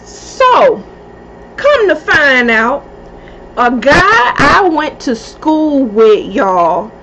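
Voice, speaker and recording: A woman telling a story casually, animated and profane, acting out what people said. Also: sits high, highs cut off, a little hiss or hum. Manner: animated, profane, acts out quoted speech.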